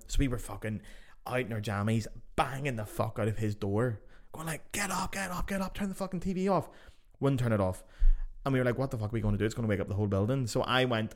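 A young man, hosting a podcast and telling casual stories, swearing freely as he goes. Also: medium pitch. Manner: swears freely, animated anecdotes. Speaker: podcast host. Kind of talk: casual storytelling.

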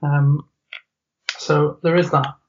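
A man co-hosting a casual podcast tells a school story with a slightly high voice and an animated delivery, often laughing and acting out what others said. The recording sounds muffled and lo-fi. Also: takes it slowly, background noise. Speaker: podcast co-host.

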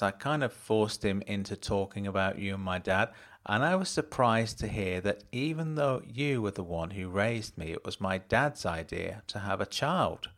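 A man narrating an audiobook in the first person, dry and matter-of-fact. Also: lowish voice.

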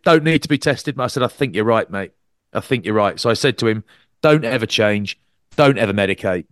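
A man's voice: a little fast, no echo, clean studio sound. A man co-hosting a rugby podcast, telling stories in casual chat and acting out quotes. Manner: animated storyteller, acts out quotes with big pitch jumps. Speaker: podcast co-host and rugby commentator.

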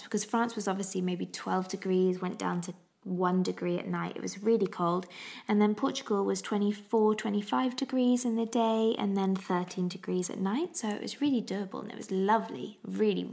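A woman's voice: mid-range voice, creaky, darkish tone. A woman in her thirties chatting casually to camera about travelling with her baby, rambling and laughing often. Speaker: parenting vlogger. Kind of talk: casual chat.

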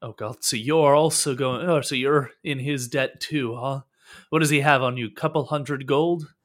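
A man's voice: mid-range voice, steady tone, fairly bright tone, natural voice. A man voicing a nervous, bewildered young male bard held captive, who stammers and jumps to conclusions. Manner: jumpy, stammering, quick to assume.

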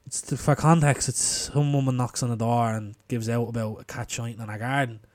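Male co-host, casual sweary chat, average pitch. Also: steady tone, brisk, no room sound. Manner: chatty, swears, breaks into loud silly impressions. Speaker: podcast co-host.

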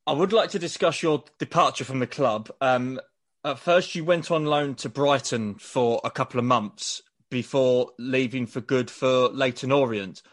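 A male podcast host with a mid-pitched, even voice. He asks his prepared questions politely and at a steady pace. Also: normal speed. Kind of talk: interview questions.

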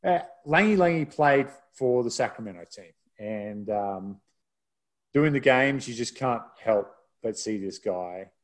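A man's voice: medium pitch, animated, a little slow. Chatty male rugby broadcaster telling stories. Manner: chatty, self-deprecating storyteller. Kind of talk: casual podcast storytelling.

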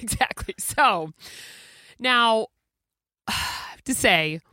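A woman's voice: a little high, expressive, extremely slow, sharp tone, no echo, clean studio sound. A woman telling a rambling anecdote in casual chat, laughing often and acting out what people said. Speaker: co-storyteller.

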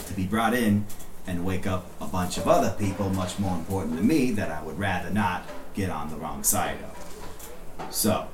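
A man voicing a weary, gruff 1920s police detective who grumbles and questions suspects sarcastically. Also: low voice, moderate pace, reverberant, distant mic, music in the background, close to an everyday voice.

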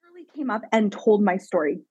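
Animated woman telling her story, dry sound. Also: medium pitch, fast talker, slightly rough, dry recording, dull audio. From Canada. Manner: animated, emphatic, frequent "like" fillers. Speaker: guest, psychic medium mentor. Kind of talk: personal storytelling in a podcast interview.

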